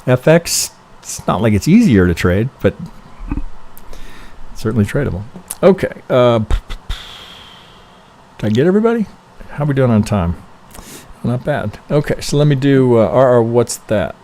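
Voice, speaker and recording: A man's voice: mid-range voice, big pitch swings, normal speed, pauses often, warm tone, a little hiss or hum. A man reviewing trading charts on a live stream, thinking aloud casually, swearing freely and checking in with "right?" after nearly every point.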